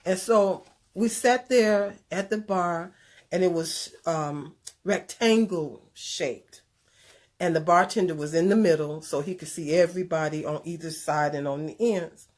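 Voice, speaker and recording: A woman with a slightly low voice tells a personal story in a relaxed, conversational way. She is animated and earnest and slips into preachy asides now and then. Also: measured pace. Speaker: speaker sharing a personal story. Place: Chicago area.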